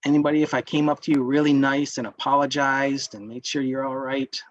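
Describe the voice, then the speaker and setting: A man's voice: mid-range voice, level tone, fairly quick, no room sound, dull audio. A man leading an interactive wellness workshop, lecturing and putting questions to the group. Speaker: workshop instructor.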